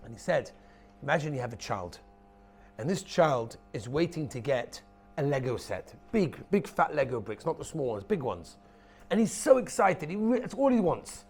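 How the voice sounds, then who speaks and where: A rabbi giving a lively Torah lecture, emphatic, repeating his key phrases and acting out stories. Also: fairly high pitch, moderate pace, slightly rough, soft background music.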